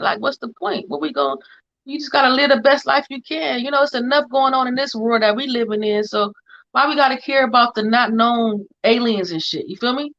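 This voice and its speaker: A woman's voice: fairly high pitch, fairly bright tone. A woman in casual chat who talks bluntly and questions things skeptically. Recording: dull lo-fi sound.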